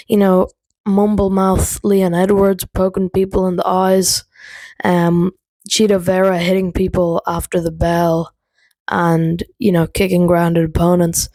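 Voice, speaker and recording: A woman with a fairly low voice talks slowly and casually, giving blunt opinions with frequent ums. She sounds close and dry, with no room echo. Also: darkish tone. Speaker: MMA commentary creator.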